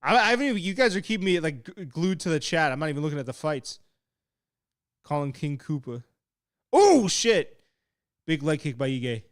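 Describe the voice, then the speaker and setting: Excitable young male fight streamer. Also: on the high side, quick pace, dry recording, studio quality. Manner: excitable and laid-back, swearing, laughing at chat. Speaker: fight watch-along streamer. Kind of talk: casual live commentary while reading chat.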